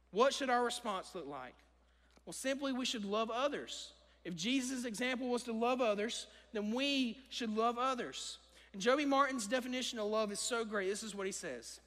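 A man's voice: extremely high pitch, normal speed, fairly bright tone. A young man preaching a sermon in a church, earnest, and repeating key phrases for emphasis. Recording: long hall reverb.

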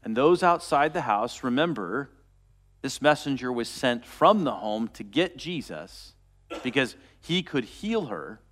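A man preaching a sermon, retelling a story and dropping to a soft, quiet voice for quoted words. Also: mid-range voice, big pitch swings, unhurried. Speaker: pastor.

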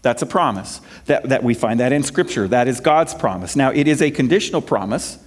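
A man's voice: mid-range voice, expressive, fairly quick. A male pastor preaching a sermon, quoting scripture and asking the congregation questions as his emphasis rises and falls.

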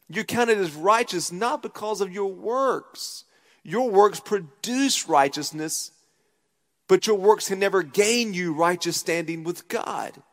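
A man in his thirties preaching a sermon from a church stage, emphatic, repeating his key points and checking in with the crowd. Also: high-pitched. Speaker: pastor. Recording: long hall reverb.

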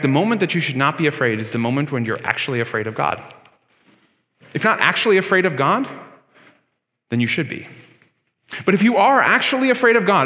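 A man preaching in a church sanctuary, talking to the congregation in a casual, conversational way. His voice is bright and sits a little high, and it rises and falls a lot as he presses his points. The sound carries a long, echoing church reverb. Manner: conversational preaching, with frequent fillers and emphatic swings. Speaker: pastor. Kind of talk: sermon.

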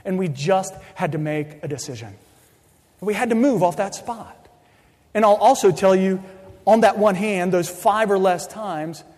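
A middle-aged man preaching a sermon as pastor, speaking deliberately and emphatically and repeating his key points. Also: high voice, darkish tone. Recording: long reverb of a large hall.

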